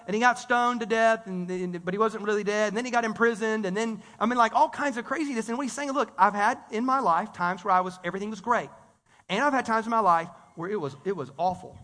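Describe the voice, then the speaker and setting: A man delivers a lively, conversational sermon, often restarting his sentences. His voice sits very high and sounds bright and forceful. A long reverb trails his words through the church hall. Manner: energetic, conversational preaching with repeated restarts. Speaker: pastor.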